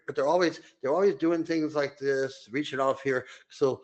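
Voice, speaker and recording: An older man co-hosting a podcast, telling long rambling anecdotes full of fillers and restarts, and jumping into high voices when he quotes people. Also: fairly even intonation, normal speed. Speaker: podcast co-host. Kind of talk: casual storytelling chat.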